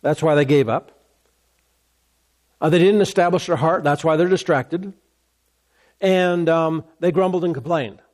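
Emphatic preaching man, slightly high voice. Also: measured pace, long pauses, a little mellow. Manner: repetitive, emphatic preaching with rhetorical questions. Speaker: pastor. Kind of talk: sermon.

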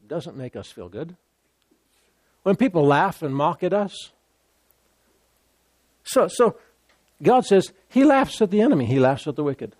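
A man preaching a sermon, emphatic and repetitive, stumbling over repeated words and breaking into laughter and loud exclamations. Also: on the high side, sing-song, measured pace, long pauses, dry recording.

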